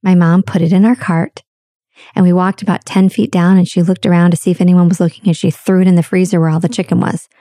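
A woman's voice: fairly low pitch, flat delivery, warm tone, dry recording, clean studio sound. A woman hosting a show, talking candidly in a reflective personal monologue full of childhood stories. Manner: candid, storytelling, drawn-out emphasis.

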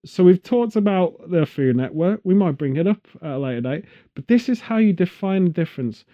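A man's voice: sits high, lively intonation, a little fast. A British man hosting a podcast, rambling and joking in casual chat with exaggerated tangents. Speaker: podcast host. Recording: dull lo-fi audio.

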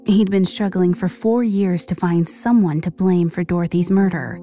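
Lady narrating true crime, slow dramatic pauses, kinda dark voice. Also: on the low side, fairly even intonation, soft background music. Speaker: podcast narrator.

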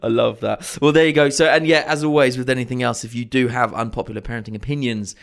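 A man's voice: mid-range voice, fairly even intonation, fast, creaky. A man in his thirties co-hosting a podcast in casual chat, chatty and laughing often. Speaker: podcast co-host.

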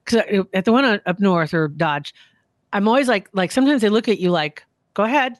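A man co-hosting a casual chat, chatty and quick to jump in and laugh. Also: high-pitched, lively intonation, no room sound, studio quality. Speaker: show co-host.

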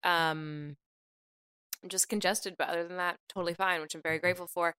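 A woman's voice: on the low side, fairly quick, smooth. A woman co-hosting a podcast in casual, playful chat, her voice congested from a cold. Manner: playful, lively banter. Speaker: podcast co-host.

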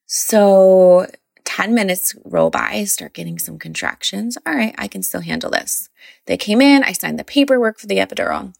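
A woman's voice: medium pitch, big pitch swings, unhurried, gravelly, dry recording, clean studio sound. A mother casually recounting a birth story, rambling and filling her speech with "like". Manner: rambling, heavy use of "like".

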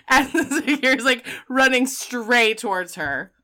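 A woman co-hosting a casual chat, retelling a film scene by scene in an animated way, with frequent laughs. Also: on the high side, measured pace, a crowd in the background. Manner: animated storyteller, acts out the quotes, laughs often. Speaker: podcast co-host. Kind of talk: casual movie recap chat.

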